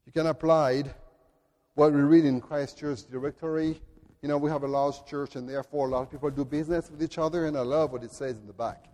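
A male pastor preaching a sermon in a large church, emphatic, building up to loud declarations. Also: a little high, fairly even intonation, brisk. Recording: long reverb of a church hall.

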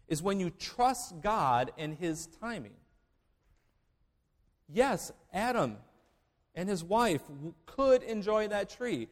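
A male pastor preaching a sermon, emphatic, moving between loud declarations and hushed asides. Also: sits high, long reverb tail.

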